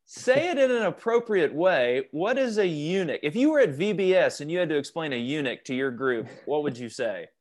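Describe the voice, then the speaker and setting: A man's voice: on the high side, sing-song, brisk, hardly any pauses. A man leading a youth Bible study over a video call, questioning the group and joking as he teaches.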